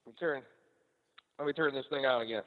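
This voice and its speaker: A man's voice: mid-range voice, quick pace, in a large hall, phone-quality sound. Easygoing man calling into a podcast. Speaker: guest calling in. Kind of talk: casual podcast chat.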